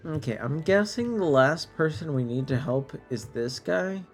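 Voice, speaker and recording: A man's voice: on the high side, lively intonation, moderate pace, soft background music. A man streaming a game late at night, sleepy and tipsy, casually translating French text in a drawling, self-deprecating way that stumbles over words.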